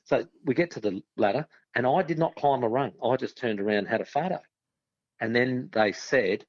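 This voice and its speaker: A middle-aged Australian man telling lively anecdotes as a podcast guest, slipping into loud voices for his friends. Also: medium pitch, moderate pace, highs cut off. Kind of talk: storytelling on a podcast.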